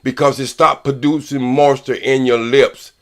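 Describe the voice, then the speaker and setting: An older man on a podcast panel, arguing loudly and profanely and repeating points for emphasis. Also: medium pitch, fairly even intonation, normal speed. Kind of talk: heated podcast debate.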